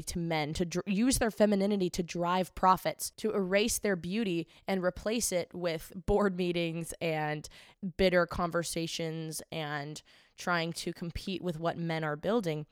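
Young woman host, earnest and emphatic, smooth lowish voice, dry close sound. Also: no echo. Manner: earnest, emphatic, repeats phrases for stress. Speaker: podcast host. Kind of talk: opinionated monologue, then interview.

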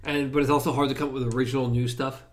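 Man, casual chat, dry humor, hesitant, mid pitch. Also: level tone, rapid-fire, slight background noise.

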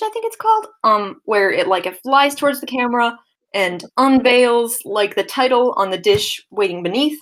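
A woman's voice: on the high side, fairly bright tone. A woman co-hosting a podcast in casual chat, hesitant, with many fillers and easy laughter. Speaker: podcast co-host.

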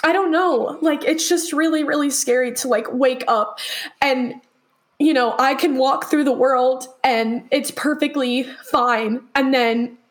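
A young woman with a high voice speaks on a podcast in an earnest, heartfelt way. She leans on "like" again and again as she works through her thoughts. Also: a bit bright. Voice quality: earnest, heavy use of "like" as filler. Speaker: podcast co-host. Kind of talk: emotional personal podcast talk.

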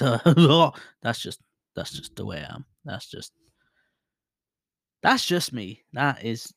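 A man in his thirties rambles through a casual solo podcast from home, self-deprecating and prone to loud bursts of excitement. He sits about a foot back from his mic, and the sound is dry and close, with little room in it. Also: medium pitch, dry recording. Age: 30s. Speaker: podcast host. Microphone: desk mic set to far mode, about a foot away.

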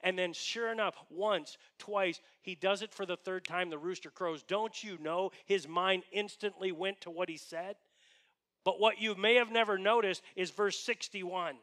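A male pastor delivers a sermon in a high, bright voice. He tells the story in a chatty way and sometimes drops to a hush. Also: normal speed. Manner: conversational storytelling, dropping to hushed tones.

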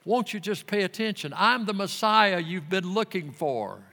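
A male preacher voicing a grieving Jesus, pleading softly with a city that will not listen. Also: high-pitched, animated, moderate pace, voice pushed up, full character voice. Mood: sorrowful. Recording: long hall reverb.

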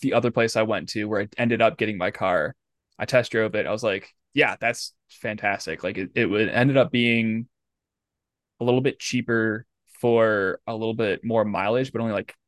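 A man's voice: fairly low pitch, normal speed, no echo. Man telling a story in a dry booth. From Michigan, US. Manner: animated storytelling with swearing and acted quotes. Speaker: podcast co-host. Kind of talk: casual chat.

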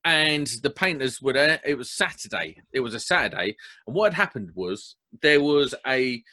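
A young man tells a story on a casual podcast, blunt and animated. His voice has a bright, forceful edge. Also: medium pitch, moderate pace. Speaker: podcast host.

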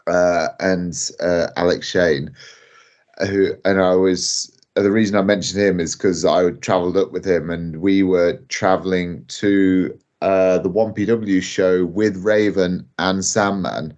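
Low-voiced rambling man, lo-fi sound. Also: fairly even intonation, unhurried, darkish tone. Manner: rambling, lots of fillers, laughs while telling. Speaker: guest wrestler. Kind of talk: casual podcast storytelling. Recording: dull lo-fi audio.

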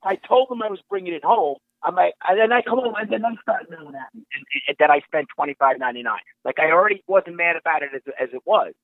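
A man telling an exasperated, animated story in casual chat, swearing and acting out what people said, heard over a phone line. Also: a little high, fast, hardly any pauses, no echo.

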